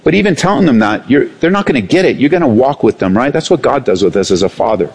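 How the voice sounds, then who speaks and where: Animated preacher with a lively voice. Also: male voice, medium pitch, fast talker, husky. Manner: animated preaching, swings between raised and hushed delivery, acts out quoted voices. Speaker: pastor. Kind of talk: sermon.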